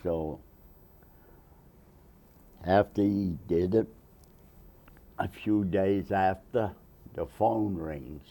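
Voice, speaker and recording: An older man, a Navy veteran, telling an oral history story with animated quoted voices. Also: sits low, drawn-out words, creaky, long pauses.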